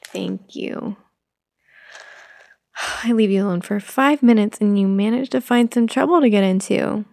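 A woman playing a gentle, patient young mother who softly coaxes her toddler, in a whispered role-play. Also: mid-range voice, measured pace, gravelly. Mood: soothing. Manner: soft, coaxing, motherly.

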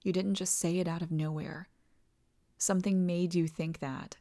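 A woman in a whispered role-play as a doting partner, talking softly and tenderly and often dropping into whispers. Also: lowish voice, steady tone, normal speed. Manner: soft, tender, soothing, slips into whispers. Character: doting, reassuring partner comforting the listener.

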